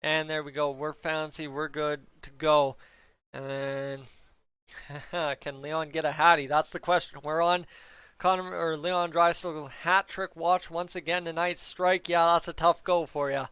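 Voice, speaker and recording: Excited guy doing live hockey reaction, high clear voice, shouts when they score. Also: unhurried, no echo. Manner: excitable, shouts at big moments, talks to chat by name. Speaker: fan streamer reacting to a live game.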